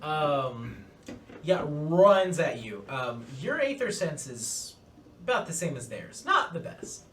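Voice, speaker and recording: A man running a tabletop game as game master, describing scenes in a relaxed way with many fillers. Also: fairly high pitch, slow. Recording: roomy, distant mic, faint noise.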